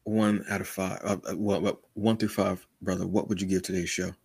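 A man co-hosting a podcast in casual chat, from the United States, animated and often calling his co-host brother. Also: deep voice, fairly quick, vocal fry, husky, no room sound. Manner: animated, says "brother" often, acts out quotes.

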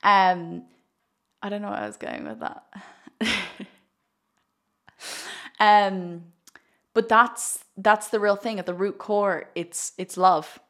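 A young woman talks as a spiritual coach on a casual live stream. Her voice sits at a middling pitch, and she speaks in an effusive, rambling way with lots of fillers. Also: animated, takes it slowly, long pauses. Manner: chatty and effusive, heavy use of "like", frequent laughter. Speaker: spiritual coach and card reader.

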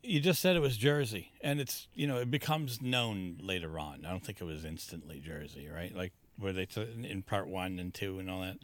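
A man's voice: low-pitched, moderate pace, hardly any pauses, dry recording. A man co-hosting a casual movie podcast, rambling through his points with loose, chatty phrasing. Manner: rambling, lots of fillers and restarts. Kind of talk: casual chat.

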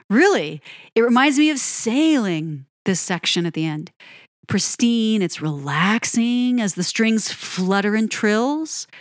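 A woman giving an admiring, unhurried commentary on a pop ballad. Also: medium pitch, fairly bright tone, dry recording, studio quality. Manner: admiring, lingers on phrases, sings lyric snippets. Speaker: music reviewer. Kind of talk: song-by-song music commentary.

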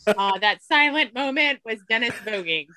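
Bright lively woman teasing. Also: on the high side, normal speed, dry recording. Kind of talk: casual chat.

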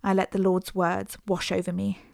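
A woman narrating a first-person story as an audiobook, in a measured, earnest way. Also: mid-range voice, monotone, gravelly, a little mellow, no echo, studio quality.

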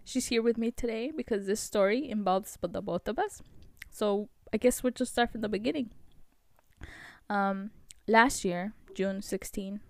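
A young woman hosting a vlog, telling a story in a chatty, animated way with lots of fillers. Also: mid-range voice, normal speed, vocal fry, no echo. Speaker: vlog host.

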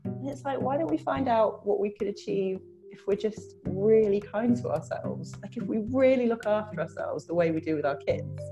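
A woman chatting as a podcast guest, lively and quick to laugh. She slips into little character voices when she quotes people. Music plays softly beneath her. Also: medium pitch. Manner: animated, laughs often, acts out voices in quotes. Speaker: podcast guest, business owner and coach. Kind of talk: casual podcast chat.

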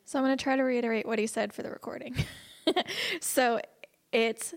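A woman's voice: a little high, brisk, creaky. Chatty woman leading a church class. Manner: chatty, laughs often, animated when quoting others. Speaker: leader of a church evangelism class. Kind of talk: casual teaching and storytelling.

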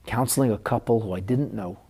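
A man's voice: on the low side, a little fast, mellow, slightly rough. A middle-aged man teaching a Talmud class as a rabbi, telling a painful counseling story in an earnest, emotional way.

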